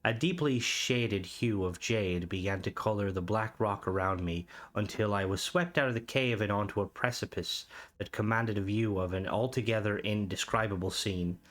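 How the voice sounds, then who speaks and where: A man's voice: on the low side, fairly bright tone, natural voice. A man doing a put-on accent to read aloud a story told by a grown man recalling a dreamlike boyhood. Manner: put-on storytelling accent, slow dramatic reading. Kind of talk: dramatic reading of a story.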